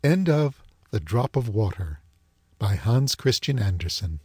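A man reading a fairy tale aloud at a measured pace. His pitch moves a lot as he tells it, and the voice carries a light huskiness. The recording is dry and close. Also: slightly rough, dry recording. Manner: expressive, measured storytelling. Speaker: audiobook reader.

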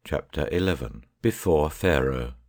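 Very deep-voiced man reading an audiobook. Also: unhurried, darkish tone. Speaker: audiobook narrator. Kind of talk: audiobook narration.

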